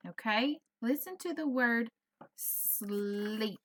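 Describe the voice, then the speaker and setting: A woman's voice: fairly high pitch, slow, bright, forceful tone, slight background noise. A woman with a Southern US accent teaching a first grade phonics lesson, stretching and sounding out words for young children. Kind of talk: virtual classroom lesson.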